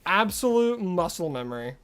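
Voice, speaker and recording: A man's voice: high voice, big pitch swings, moderate pace, fairly bright tone, clean tone. A man streaming a game live, chatting casually with his viewers and rambling through asides. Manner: chatty, answers chat messages, rambling asides.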